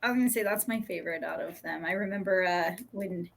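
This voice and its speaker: A woman's voice: lowish voice, fast, vocal fry. A woman hosting a casual podcast round, chatting loosely and breaking into giggles. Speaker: guest host this week.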